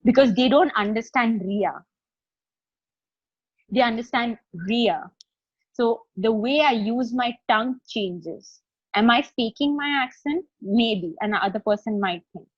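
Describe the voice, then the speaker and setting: A woman's voice: a little high, moderate pace, dry recording, dull audio. A woman life coach with an Indian English accent, chatting through a live online session and checking in with her listeners as she explains each step. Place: video call.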